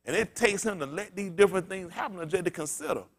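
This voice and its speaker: A male pastor preaching in an easygoing, conversational way, with a voice that sits a little high for a man. He tells stories and throws rhetorical questions at the congregation, climbing to loud excited peaks and then sinking to near-murmurs. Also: quick pace. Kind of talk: sermon.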